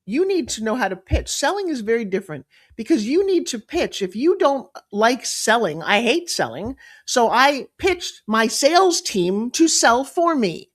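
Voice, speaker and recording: A woman in her fifties telling her story as a guest, lively and confiding, acting out quotes and dropping into whispers. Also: fairly high pitch, moderate pace, few pauses. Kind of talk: animated storytelling chat.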